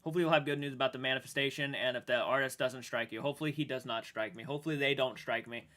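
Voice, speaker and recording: A man streaming live and chatting with viewers, emotional and halting, restarting sentences and swearing now and then while sounding shaken. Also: medium pitch, steady tone, sharp tone. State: shaken and upset. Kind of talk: livestream chat with viewers.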